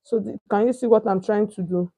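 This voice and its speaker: A woman's voice: mid-range voice, fairly quick, dark tone. Nigerian woman teaching a sewing class. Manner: chatty, keeps asking "can you see?", searches for words. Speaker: sewing instructor. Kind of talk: step-by-step tutorial.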